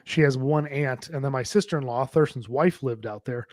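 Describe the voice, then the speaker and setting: A man's voice: mid-range voice, normal speed, a little mellow, no room sound, clean studio sound. A man on a podcast telling a rambling travel story, swearing often and acting out what people said. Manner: rambling storyteller, swears a lot, acts out quotes. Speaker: podcast co-host. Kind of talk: casual podcast chat.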